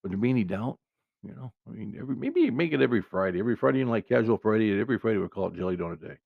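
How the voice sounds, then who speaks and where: A man with a fairly low, gravelly voice tells comic stories as a podcast host, wandering off and catching himself in a folksy way. The recording is dull and dry, with no room sound. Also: sing-song, racing, no room sound. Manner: folksy, meandering, self-interrupting. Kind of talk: rambling comic storytelling monologue.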